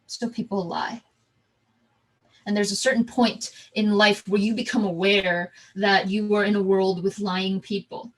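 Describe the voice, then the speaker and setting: A woman performing a theatrical storytelling monologue, halting with frequent restarts and repeated words. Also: mid-range voice, steady tone, low-quality recording. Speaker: stage performer.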